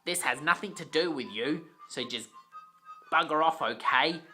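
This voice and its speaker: A reader voicing a gloating male demon steam engine villain who talks in a slow, drawn-out, mocking way, in an amateur storybook reading. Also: medium pitch, sharp tone, soft background music.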